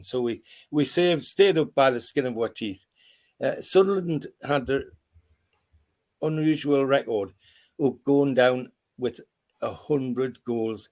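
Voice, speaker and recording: Over a video call, an elderly man in his 80s, once a footballer and from Tyneside in North East England, looks back on the old days in a relaxed interview. His voice is mid-range with a darkish tone, and his stories wander, with restarts and chuckles.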